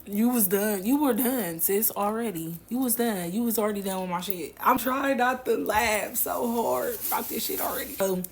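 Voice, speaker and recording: A woman's voice: mid-range voice, moderate pace, few pauses, slight background noise. A woman casually telling a personal story to her viewers, slangy and laughing as she goes.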